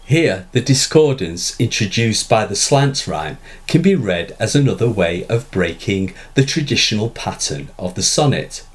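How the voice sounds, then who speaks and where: A man narrating a scripted literature lesson, delivering it in a measured, deliberate way and stressing the quoted lines. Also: lowish voice, animated. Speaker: literature teacher.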